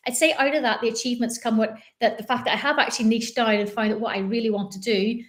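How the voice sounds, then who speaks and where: A woman from Northern Ireland with a Northern Irish accent, a business coach talking in a chatty, animated way as an interview guest. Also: fairly high pitch, quick pace. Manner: chatty, animated, many fillers and restarts. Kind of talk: conversational interview.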